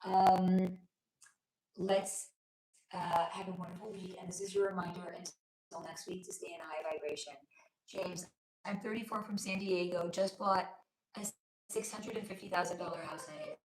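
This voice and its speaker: Hoarse-voiced woman hosting a livestream. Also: fairly low pitch, fairly even intonation, normal speed, echoey room, crowd noise, low-quality recording. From lives in Los Angeles. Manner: chatty, affectionate, reads chat aloud. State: losing her voice, sore throat. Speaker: livestream host, spiritual reader. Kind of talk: casual livestream chat with viewers. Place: home room.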